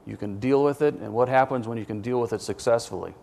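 Male preacher, gravelly, conversational sermon delivery that quizzes the congregation with questions. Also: mid-range voice, fast, a little mellow. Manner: self-deprecating asides.

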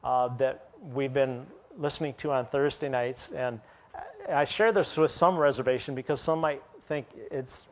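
A man preaching a sermon in a relaxed way, with joking asides. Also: mid-range voice, normal speed. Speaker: pastor.

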